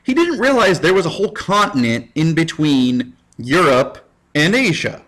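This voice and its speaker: In a recorded history lesson, a male high school teacher keeps things casual and playful, dropping goofy asides and putting on voices for quotes. His slightly high, bit-bright voice swings widely in pitch at a normal speed.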